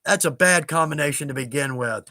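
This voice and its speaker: A man's voice: fairly high pitch, fairly quick, bright, forceful tone, no echo. A man with a Southern US accent hosting a live stream, chatting casually and rambling a little as he answers viewer questions with self-deprecating asides.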